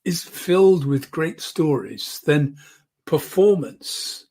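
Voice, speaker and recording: A man teaching an online public speaking lesson, demonstrating as he goes and often dropping to a soft voice close to the microphone. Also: fairly high pitch, animated, takes it slowly.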